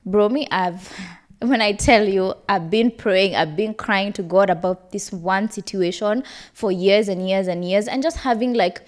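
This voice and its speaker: A woman's voice: medium pitch, a little slow. A young woman hosting a podcast, giving candid, conversational advice with an emotional edge. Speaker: podcast host. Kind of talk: personal advice talk.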